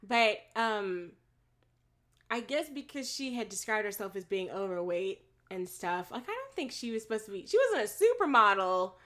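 A woman's voice: mid-range voice, big pitch swings, normal speed, a bit bright. A woman co-hosting a podcast in casual chat, laughing often and telling stories with animation. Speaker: podcast co-host.

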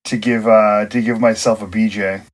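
Man tossing out quick joking questions. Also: lowish voice, little pitch movement, rough recording. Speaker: podcast co-host. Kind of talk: casual chat. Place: recording remotely.

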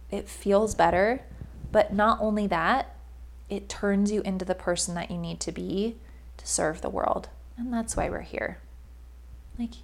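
A woman's voice: mid-range voice, a little slow. A young adult woman, a life coach, giving a casual but emphatic motivational monologue with frequent "like" fillers.

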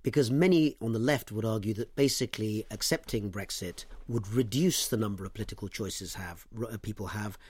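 A man's voice: on the low side, fairly quick, few pauses, darkish tone, slightly rough, no echo. A man interviewing a guest, asking long probing questions. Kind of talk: long-form political interview.

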